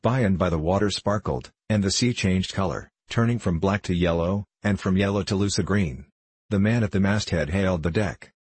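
A man narrating a novel in a steady, measured audiobook reading. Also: low-pitched, husky, no room sound.

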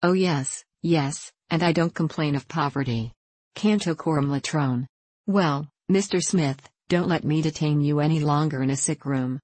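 A woman's voice: sits low, normal speed, a little mellow, dry recording. A woman reading the part of a talkative, proud elderly male vicar in a rambling, self-amused way. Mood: genial.

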